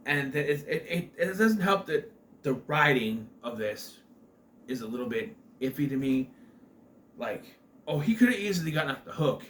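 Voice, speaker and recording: A man's voice: on the high side, lively intonation, normal speed, fairly bright tone, a little hiss or hum. A man giving a casual spoken film review, rambling, with many fillers and restarts.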